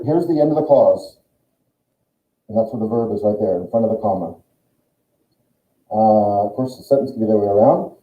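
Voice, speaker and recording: A man teaching a German grammar class, explaining step by step and thinking aloud. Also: medium pitch. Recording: echoey room on a tinny lo-fi recording.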